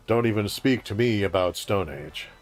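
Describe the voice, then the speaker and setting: A man's voice: lowish voice, lively intonation, normal speed, soft background music. Wry older New man. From New York. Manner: wry, dryly theatrical. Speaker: co-host playing the game. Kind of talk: casual gaming chat.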